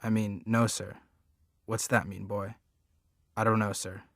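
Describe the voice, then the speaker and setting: A man's voice: on the low side, little pitch movement, unhurried, vocal fry, a bit bright, no echo, clean studio sound, full character voice. A man reading the part of a frightened captive boy in an audiobook, answering in a timid, deferential way.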